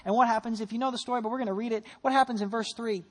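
A pastor delivers a rapid-fire church sermon, telling a story full of lively rhetorical questions. He drops into soft, low tones when he prays.

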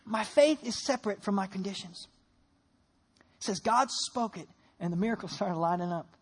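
Church pastor preaching, husky voice, asks the crowd lots of questions. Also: moderate pace. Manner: animated storytelling with rhetorical questions; drops to soft, low tones in prayer. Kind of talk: sermon.

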